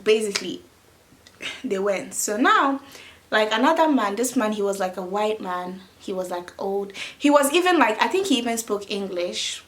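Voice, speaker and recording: A young adult woman telling a story in a casual vlog, chatty and animated, with many "like" fillers. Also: mid-range voice, moderate pace. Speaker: vlogger.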